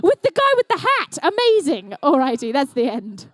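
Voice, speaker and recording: A woman's voice: sits high, wildly swooping pitch, normal speed, a bit bright, no echo. A woman commentating a live indoor competition and emceeing it, with playful, jokey banter aimed at the crowd.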